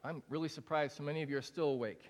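A man's voice: fairly high pitch, fairly even intonation, rapid-fire. A young man preaching a sermon to a congregation in a large room, speaking in a candid, conversational way with frequent casual fillers. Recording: long hall reverb.

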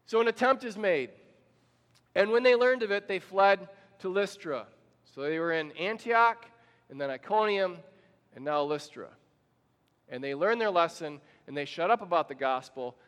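A man's voice: sits high, a bit bright, long reverb tail. A man pastor preaching a sermon, telling the story and asking the congregation questions.

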